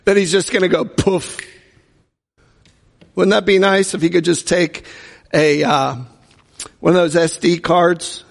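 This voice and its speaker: Gravelly pastor preaching in reverberant hall. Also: male voice, sits high, steady tone, slow, long pauses. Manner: humorous storytelling, acts out quoted voices. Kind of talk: sermon. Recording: long reverb from a large hall.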